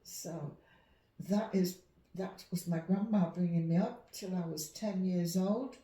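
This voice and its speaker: A woman's voice: on the low side, a little slow. English woman telling stories in a roomy echo. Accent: English, softened Yorkshire. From Leeds, Yorkshire, England. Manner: animated, acts out voices in her stories. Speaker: clairvoyant and medium, guest. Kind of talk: conversational storytelling.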